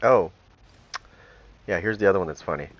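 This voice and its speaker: A man's voice: low-pitched, normal speed. A man chatting casually as a gaming streamer, telling amused, rambling anecdotes. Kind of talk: casual storytelling chat.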